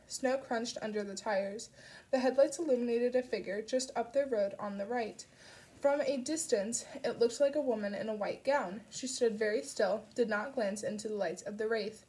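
A woman reading an audiobook aloud, narrating a dark story with soft shifts for the characters. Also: fairly high pitch. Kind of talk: scripted narration.

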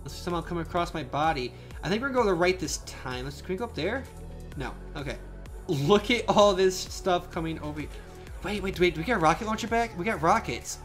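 A young man giving excitable live commentary on a survival game he is playing, with frequent outbursts and laughs. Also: high voice, brisk. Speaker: gaming channel host. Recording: faint game music behind.

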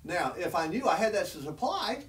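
Preacher, high voice, distant mic. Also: male voice, sing-song, moderate pace, a bit bright. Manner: earnest and conversational, rises in pitch when emphatic. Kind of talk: sermon teaching from scripture. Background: congregation responding.

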